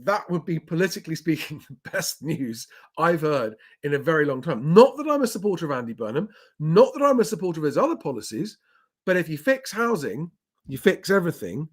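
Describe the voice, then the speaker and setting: A man's voice: fairly high pitch, big pitch swings, a little fast, husky. A man hosting his property channel live, rambling and chatty as he runs through the week's news. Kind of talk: casual live commentary.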